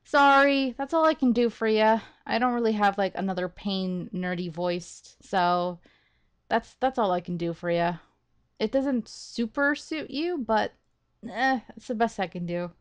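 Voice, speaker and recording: A woman hosting a game playthrough, talking excitedly and rambling as she thinks aloud, laughing often. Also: medium pitch, a little slow, clean tone. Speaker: let's play host. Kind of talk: gaming commentary.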